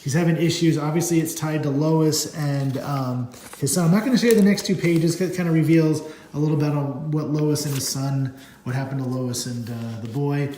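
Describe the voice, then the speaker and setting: A man's voice: on the high side, a little fast, mellow, slight background noise. Chatty man reviewing comics, echoey room. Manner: rambling, enthusiastic, many fillers. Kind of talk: casual comic book read-through.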